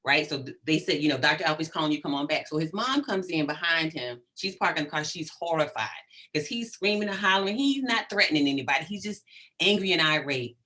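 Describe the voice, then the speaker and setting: A middle-aged woman, a psychologist guest in an interview, talking in an animated, emphatic way and checking in often with "right?". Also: sits low, a little fast. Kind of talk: conversational interview.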